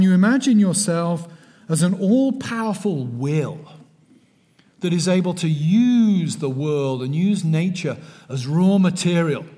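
This is a middle-aged man from England's West Country, with the accent to match and a voice that sits high. He delivers a measured, emphatic, sermon-style lecture and hushes his voice on key words.

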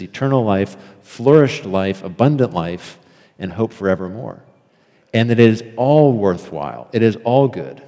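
A man's voice: mid-range voice, mellow, long reverb tail. A man giving an earnest, emphatic theology lecture and repeating phrases for effect.

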